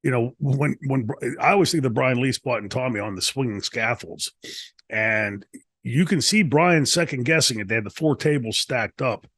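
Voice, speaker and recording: In a dry recording, this ex-wrestler from the United States talks at a normal speed with a somewhat bright, husky, medium-pitched voice. He's the guest in a relaxed shoot interview, meandering through lengthy tales and often starting over.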